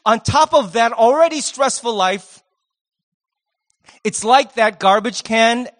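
A middle-aged man preaching a sermon as pastor, swinging between loud emphasis and soft, hushed passages. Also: very high voice, takes it slowly. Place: church sanctuary.

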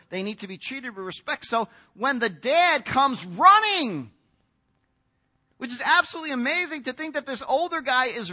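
In a very high-pitched, pushed, bright voice, a pastor from the United States delivers his sermon conversationally. He tells it as a story and performs the characters' voices himself.

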